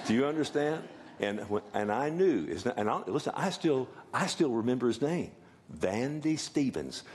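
A man's voice: medium pitch, darkish tone, a little hiss or hum. An older man preaching a sermon, folksy, with joking asides and many rhetorical questions. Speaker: pastor.

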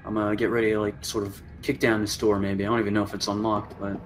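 A man plays a tabletop horror game, thinking aloud with lots of fillers and restarts. His voice is a little low. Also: little pitch movement, fast talker, faint music behind. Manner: hesitant, full of fillers. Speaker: player. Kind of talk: casual tabletop gaming chat.

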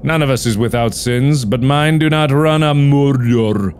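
A man's voice: medium pitch, measured pace, a little mellow, slight background noise, close to an everyday voice. A man voicing a sinful talking tree in a game, speaking in stilted mock-archaic English. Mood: sly.

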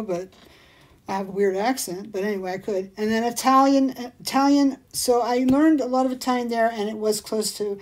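A woman hosting a casual livestream, chatting in a rambling, digressive way and reading out viewer comments. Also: medium pitch. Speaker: jewelry shop livestream host.

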